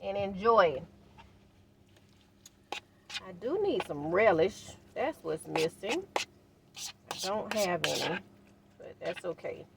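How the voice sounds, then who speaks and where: An older woman talking casually to her viewers while cooking in her van, unhurried and encouraging. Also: medium pitch, sing-song, vocal fry, noisy background. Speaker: van life vlogger. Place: inside a parked van.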